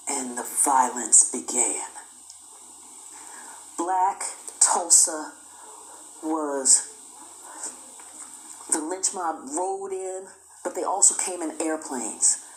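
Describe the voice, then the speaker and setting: A woman lectures on history with emphatic repetition, building each point in lists. Her voice sits very low, and the recording rings with echo from the room. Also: a little hiss or hum. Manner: emphatic, repeats phrases, acts out quotes.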